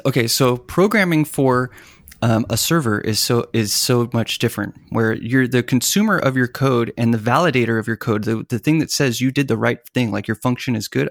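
Animated man on a dry mic. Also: mid-range voice, no echo. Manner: animated, acts out other people's voices. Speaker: podcast guest, web developer. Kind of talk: conversational interview.

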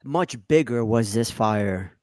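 Man, mid pitch, laid-back jokey podcast chat, dry recording. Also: expressive, takes it slowly, a little mellow, no echo. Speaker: podcast co-host. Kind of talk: casual chat.

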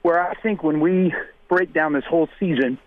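A hoarse man with a cold talks football in a measured, conversational way. His voice sits a bit high and comes through a narrow, phone-line sound. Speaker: football analyst. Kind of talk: sports radio analysis.

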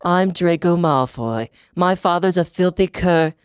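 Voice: mid-range voice, sing-song, clear, resonant tone, no echo, studio quality, voice pushed up, natural voice. A podcaster voicing a lofty, haughty teenage wizard boy in a fan fiction reading. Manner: lofty, drawn-out delivery.

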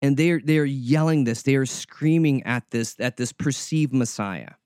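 A man's voice: medium pitch, unhurried, darkish tone, smooth, no echo, studio quality. A male preacher giving a conversational sermon, informal and often repeating words as he searches for the next one.

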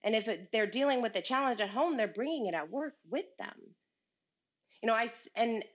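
A woman's voice: a little high, lively intonation, fairly quick, lo-fi sound. A woman talking earnestly about leadership and work on a podcast, telling a story and acting out both sides of the conversation. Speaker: guest speaker on leadership.

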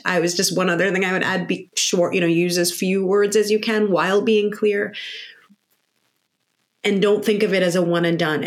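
Woman giving direct parenting advice. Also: lowish voice. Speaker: parenting expert guest.

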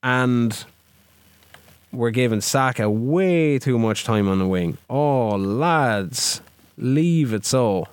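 A man's voice: medium pitch, animated, slow pace, clean tone, no echo. A man co-hosting a podcast, giving frustrated, sweary commentary on his own video game match. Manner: exasperated, sweary. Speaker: podcast co-host.

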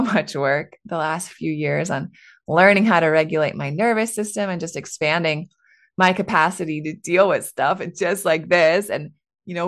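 A woman in her thirties talks casually on her own podcast, candid and chatty. She laughs easily and leans on conversational fillers. Her voice sits somewhat low for a woman. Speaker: podcast host. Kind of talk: casual solo podcast talk.

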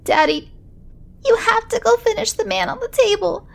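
A woman voicing a frightened four-year-old boy who pleads in a high voice. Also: moderate pace, gravelly, exaggerated voice. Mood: upset pleading.

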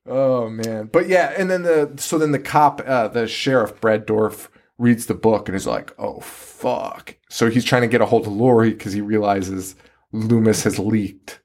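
A podcast co-host chatting casually about a horror film, profane and quick to laugh. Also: medium pitch, a little mellow. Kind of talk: casual horror movie chat.

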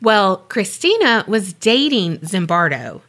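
A woman's voice: mid-range voice, big pitch swings, slow, fairly bright tone. A woman co-hosting a podcast, telling a true-crime story in a loose, chatty way with offhand swearing. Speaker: podcast co-host.

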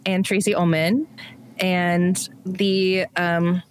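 A woman's voice: on the low side, extremely slow, slight background noise. Co-host lady, laid back, lots of ums, recapping a movie. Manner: relaxed, hesitant with ums. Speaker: podcast co-host. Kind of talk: casual chat.

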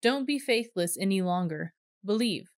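A woman voicing a calm, gentle male teacher speaking to his followers, in a steady, earnest reading voice. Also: mid-range voice, moderate pace, no echo, studio quality, close to an everyday voice.

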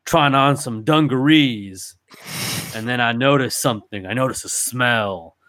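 A man telling a rambling comedy story in a gruff, ungrammatical, slangy way. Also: medium pitch, a little slow, fairly bright tone, no room sound, clean studio sound.

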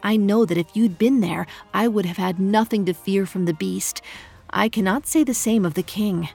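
A woman voicing a tender, adoring young goddess who speaks in a soft, hushed, breathy way. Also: medium pitch, moderate pace, soft background music.

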